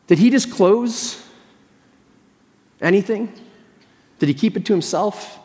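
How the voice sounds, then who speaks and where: A man's voice: high voice, lively intonation, slow pace, long pauses, dark tone. A man preaching a sermon as pastor, telling a story earnestly and imagining what people thought and said. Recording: long reverb of a large hall.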